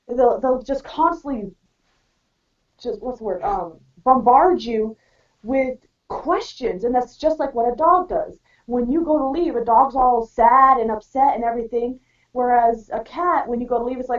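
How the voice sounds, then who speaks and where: A blunt, outspoken woman holds forth in a casual round table chat. Her voice sits a little high. She is heard from off the mic on a dull, lo-fi recording. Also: unhurried, far from the mic.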